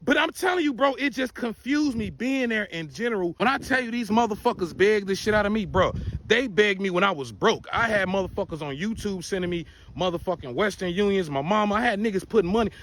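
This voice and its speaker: High-voiced man ranting a story. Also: fairly quick, slight background noise. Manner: profane, animated, rambling. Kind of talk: casual storytime rant.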